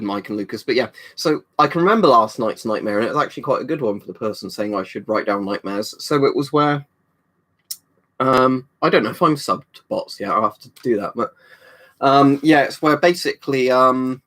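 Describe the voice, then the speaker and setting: A man's voice: on the low side, fairly bright tone. A British man chatting on a livestream, reading out viewer comments and rambling with many ums and restarts. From United Kingdom. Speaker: livestream host.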